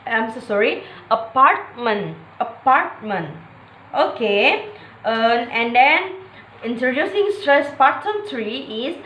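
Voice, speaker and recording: A woman with a Malay first language speaks in a high voice, slowly and haltingly, in an echoey room. She fills her pauses with "okay" and "uh" and says each example word several times. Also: a bit bright, slight background noise. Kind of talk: classroom presentation on English stress.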